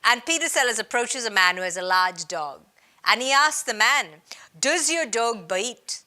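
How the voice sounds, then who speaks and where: Bright, lively woman presenter. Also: fairly high pitch, moderate pace. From India. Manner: lively, emphatic teaching delivery. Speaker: business storytelling presenter. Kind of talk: recorded training presentation. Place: based in Australia.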